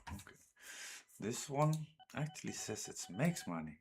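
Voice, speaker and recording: A Danish gaming streamer thinks aloud in a slow, drawn-out way while setting up train routes, casually commenting on his game. He talks to his trains and swears or exclaims when things go wrong. His mid-range voice is very animated, with a darkish, slightly rough tone.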